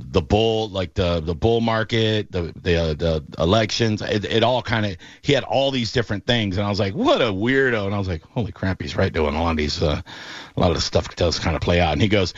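A man hosting casual sports talk, animated and quick to mock what he retells. The sound is slightly dull and muffled, with a dry, close feel and no room echo. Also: sits low. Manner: animated storyteller, mocking voices in quotes. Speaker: podcast host.

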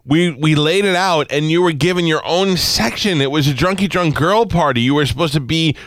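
A man's voice: a little high, fairly quick, a bit bright, no room sound. A man hosting a radio show, teasing his co-hosts in casual banter. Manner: teasing, joking.

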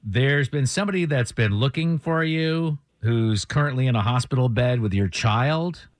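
A man's voice: mid-range voice, moderate pace, no echo. A man hosting a morning radio show, telling a caller's story in an upbeat, theatrical way. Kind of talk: morning radio prank call segment.

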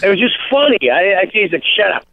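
A comedian in a casual radio interview, telling animated stories and acting out quotes. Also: male voice, high-pitched, fast, no room sound. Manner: animated storytelling, acts out quotes. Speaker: comedian guest. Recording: tinny phone-line sound.

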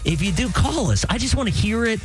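A man from Tennessee hosting morning radio, animated and joking. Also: high voice, fairly quick, faint music behind. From Tennessee, USA. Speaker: radio host.

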